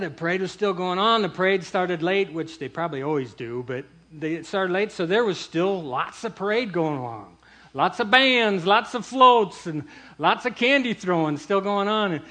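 Bright-voiced man telling a lively story. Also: on the high side. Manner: acts out quoted voices, laughs through the story. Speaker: churchgoer telling a testimony. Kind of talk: animated personal storytelling.

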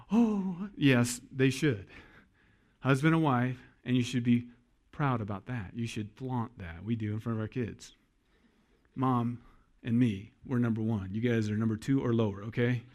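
A man's voice: mid-range voice, measured pace, darkish tone. A man preaching a sermon to husbands in a folksy, joking way that addresses the men directly. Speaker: pastor.

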